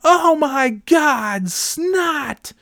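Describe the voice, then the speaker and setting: A man voicing a stern older woman playground monitor who yells at a child in a shrill, very high voice. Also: lively intonation, very slow, no echo, studio quality, full character voice. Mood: shrill, scolding. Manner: yelling, shrieking high.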